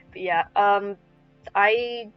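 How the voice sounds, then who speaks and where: A woman's voice: medium pitch, muffled recording. A woman hosting a casual podcast, chatty and giggly. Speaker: podcast host and streamer.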